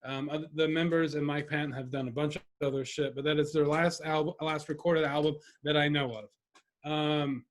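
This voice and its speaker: A man's voice: a little high, little pitch movement, normal speed. A young man co-hosting a podcast in laid-back casual chat, with lots of ums and easy laughs. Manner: laid-back, filler-heavy, laughs along. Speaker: podcast co-host.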